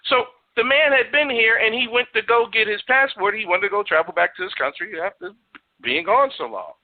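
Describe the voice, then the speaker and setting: A man's voice: high voice, a little fast. Preachy man on a tinny radio line. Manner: preachy, profane, fires off rhetorical questions. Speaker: radio talk show host. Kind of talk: radio talk monologue.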